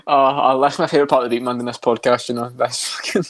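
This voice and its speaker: A man co-hosting a podcast, riffing quickly and swearing between laughs. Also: mid-range voice, fairly even intonation, no echo. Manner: quick, profane, laughing riffs. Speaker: podcast co-host. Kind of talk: casual podcast chat.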